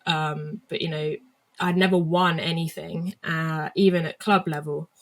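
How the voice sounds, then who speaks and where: A woman's voice: low-pitched, steady tone, a little slow. A young woman from England speaking as an interview guest. She tells her story reflectively, with frequent fillers and restarts. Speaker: guest athlete.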